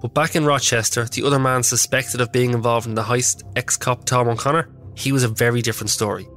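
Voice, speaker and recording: A man narrating a documentary podcast as its host, in measured, scripted explanation. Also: mid-range voice, fairly even intonation, a bit bright, soft background music.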